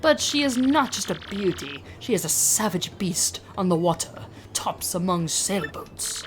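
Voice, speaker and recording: A woman's voice: mid-range voice, sing-song, unhurried, noisy background. A woman voicing a vain, pompous male ship owner in a grandiose, sing-song manner, over game music.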